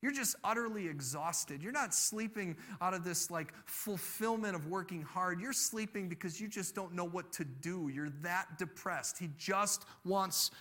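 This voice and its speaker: A male pastor preaching in a high voice. His sermon is told as lively storytelling that swells into loud, emphatic bursts. The tone is bright and forceful. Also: measured pace, hardly any pauses. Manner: animated storytelling, building to loud emphatic peaks.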